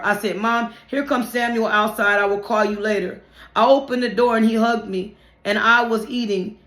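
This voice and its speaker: A woman's voice: on the high side, fairly bright tone. A woman reading her own memoir aloud in a plain conversational way, with some restarts and slips. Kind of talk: memoir narration, read aloud. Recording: roomy, echoey room.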